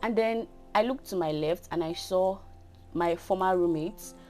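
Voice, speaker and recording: A woman's voice: on the low side, a little slow, mellow, faint music behind. Chatty young Nigerian woman telling a story. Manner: chatty, often asks "do you get?". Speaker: vlogger. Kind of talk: casual storytime.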